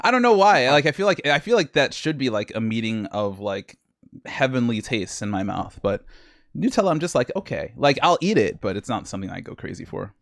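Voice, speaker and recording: A man's voice: medium pitch, very animated, brisk, vocal fry, a bit bright, dry recording, clean studio sound. A man hosting a podcast in a casual, playful chat who laughs easily. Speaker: podcast host.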